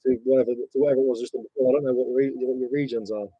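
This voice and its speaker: A man's voice: mid-range voice, fairly even intonation, racing, breathy edge, no room sound, lo-fi sound. A man and reseller streamer rambling casually, bantering with viewers and swearing as he sorts his listings. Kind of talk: casual live-stream chat.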